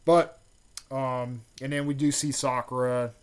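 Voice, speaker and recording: A man gives a casual, rambling recap of a fan-made story, full of fillers and restarts, getting excited whenever the action kicks in. His mid-range voice is smooth and unhurried.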